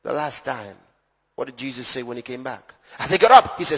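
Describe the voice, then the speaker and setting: A man preaching a sermon as pastor, emphatic, swinging between loud shouts and low hushed lines. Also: lively intonation, brisk, slightly rough, big-room sound.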